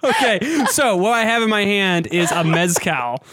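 A man's voice: sits high, expressive, normal speed, sharp tone, a little hiss or hum. A man appearing as a guest mixologist on a podcast in a studio, explaining things with a little hesitation. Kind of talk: casual chat.

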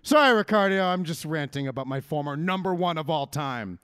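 A man talks over wrestling in a lively, swinging voice that sits a little high for a man. He rants hard and swears freely. The sound is dry and close, with no room to it. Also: a little fast, clear, resonant tone, dry recording. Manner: animated ranting, swears freely. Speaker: podcast co-host. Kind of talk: casual wrestling chat.

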